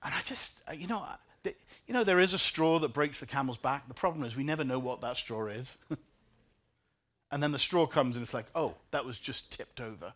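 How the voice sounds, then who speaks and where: A man preaching a sermon, telling a personal story in soft, quiet tones that rise into emotional peaks, and repeating key lines for the congregation. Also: mid-range voice, fairly quick. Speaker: pastor.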